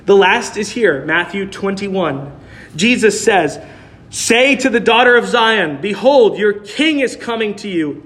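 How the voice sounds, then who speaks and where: High-voiced man preaching a sermon. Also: animated, a bit bright. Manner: earnest, measured, reads scripture aloud.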